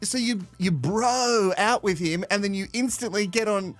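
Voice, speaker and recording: A man's voice: sits high, moderate pace, no room sound, faint music behind. A man hosting a live reality-show recap, swearing, sarcastic and laughing often. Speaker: host.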